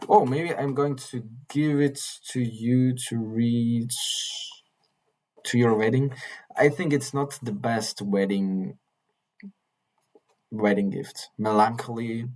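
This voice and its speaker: A man vlogging in a casual monologue, earnest and halting, often repeating and restarting his phrases. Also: mid-range voice, fairly even intonation, darkish tone, rough recording. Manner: earnest, mildly swearing.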